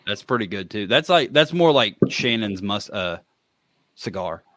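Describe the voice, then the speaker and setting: A man hosting a podcast in casual chat, excitable and joking. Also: on the low side, measured pace, no echo. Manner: excitable, joking, jumpy delivery. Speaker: podcast host.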